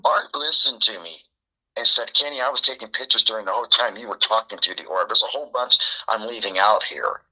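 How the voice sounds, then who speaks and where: A man, a podcast guest, telling a story in a casual, animated way and acting out the dialogue. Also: on the low side, brisk, husky, rough recording. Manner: animated, acts out quoted dialogue.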